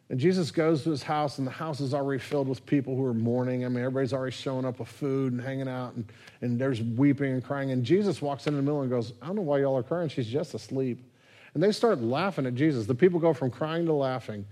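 A man preaching a sermon as pastor, relaxed and conversational, sometimes dropping his voice very low. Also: quick pace. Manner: conversational, drops to near whisper at tender moments.

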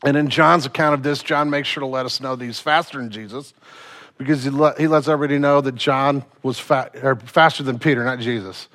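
A man preaching a sermon, retelling a story in casual slang and swinging from loud to hushed. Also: mid-range voice, fairly even intonation, brisk.

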